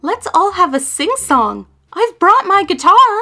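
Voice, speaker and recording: A woman's voice: extremely high pitch, sing-song, unhurried, bright, forceful tone, pitched above the performer's own voice, exaggerated voice. A woman voicing a cheerful, friendly little pumpkin boy in a storybook, eager and bubbly.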